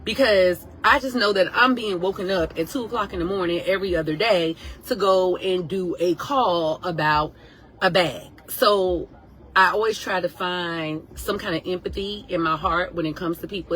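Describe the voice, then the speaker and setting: A woman tells a personal story straight to her viewers, her voice sitting a little low. She is animated and emotional and acts out the lines of the people in it. A faint hum of noise runs underneath. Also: rough recording. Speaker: nurse sharing a story.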